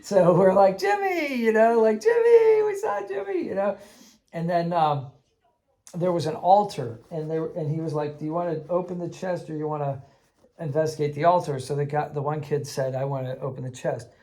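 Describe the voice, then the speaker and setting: A man casually recounting a tabletop game he ran for kids, animated and laughing, acting out the voices he quotes. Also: a little high, moderate pace. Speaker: game master teaching kids. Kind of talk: casual anecdote storytelling.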